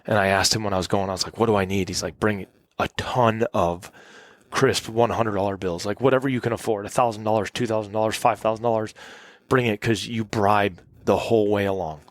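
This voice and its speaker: Middle-aged male podcast guest, lowish voice, dry close sound, rambling anecdotal storyteller. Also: fairly even intonation, brisk, few pauses, no echo. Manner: rambling anecdotal storytelling, acts out quoted people. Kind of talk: casual storytelling interview. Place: cabin.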